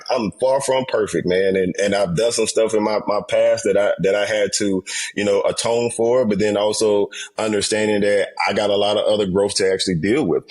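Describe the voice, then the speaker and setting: A man speaking as a therapist guest on a podcast, earnest and reflective, with casual slang. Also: on the low side. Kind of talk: podcast conversation.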